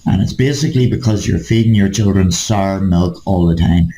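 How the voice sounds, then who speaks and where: A man's voice: deep voice, normal speed, warm tone, roomy sound, rough recording. A man in casual chat, ranting and swearing, repeatedly calling his listener mate. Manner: ranting, profane, keeps addressing the listener as mate.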